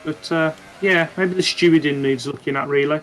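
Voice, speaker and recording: A man with a fairly high voice talks through his ideas on a podcast at a steady, thoughtful pace. Faint background noise hums under him. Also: moderate pace, low-quality recording. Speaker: podcast co-host. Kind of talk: casual chat.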